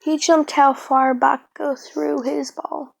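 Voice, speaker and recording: A woman's voice: sits high, flat delivery, slow, creaky, no echo. Rambling woman retelling a fan story. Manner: rambling, hesitant, many fillers and restarts.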